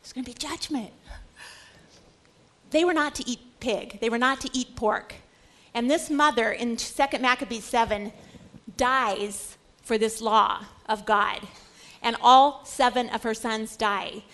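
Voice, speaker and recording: Woman, high voice, Bible lecture, expressive storytelling, dramatic asides. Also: unhurried. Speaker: Bible teacher.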